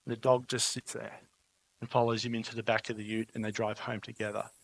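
A man's voice: on the low side, little pitch movement, a little fast, creaky. A man preaching a sermon, telling stories in an emphatic, conversational way and often asking "right?". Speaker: pastor.

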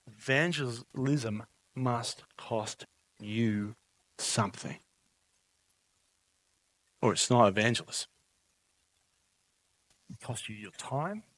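Male pastor, storytelling sermon, emphatic, chatty, mid-pitched voice. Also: slow, pauses often, fairly bright tone. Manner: storytelling, emphatic, conversational with frequent "right?".

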